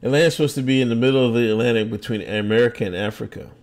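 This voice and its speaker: Racing along in a mid-range, darkish voice, a man hosts a laid-back livestream podcast. He responds to viewer comments with jokey, sarcastic asides and frequent laughter.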